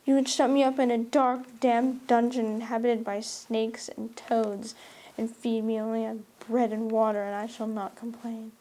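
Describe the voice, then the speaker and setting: A woman's voice: a little high, flat delivery, moderate pace, dark tone, lightly acted. A woman reading a novel aloud, voicing a stubborn, tearful, dramatic red-haired girl in an impassioned, defiant way. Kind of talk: audiobook reading.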